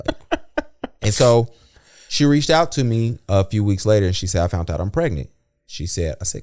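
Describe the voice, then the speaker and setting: A man's voice: fairly low pitch, moderate pace, pauses often. A man co-hosting a podcast, telling anecdotes in casual chat and acting out what people said. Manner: animated storyteller, acts out quoted dialogue. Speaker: podcast co-host.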